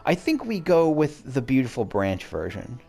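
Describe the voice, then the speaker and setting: Brief: mid-pitched guy narrating his game run, casual and self-mocking, faint music underneath. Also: huge pitch swings, moderate pace, gravelly, a little mellow. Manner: chatty, self-deprecating, thinks aloud. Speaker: let's play host.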